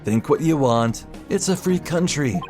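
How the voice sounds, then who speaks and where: Sneering gloater of a man, as a voice actor puts him on in a game dub. He drawls out his taunts at an even middle pitch, with faint music behind. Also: a little slow, close to an everyday voice. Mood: gloating. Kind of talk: amateur video game voice-over.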